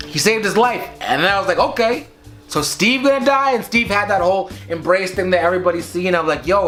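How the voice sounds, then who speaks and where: An excitable man talks through a movie review at home, speaking fast and loose to his viewers and calling them guys. His voice sits high and sounds bright and forceful, with faint music underneath. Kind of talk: casual video review. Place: at home, filmed by his girlfriend.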